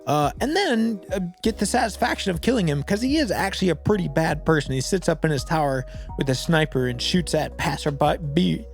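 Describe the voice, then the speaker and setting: A young gaming video creator gives casual gameplay commentary, rambling and leaning heavily on "like." His slightly high voice is expressive and fairly quick, with vocal fry and soft background music.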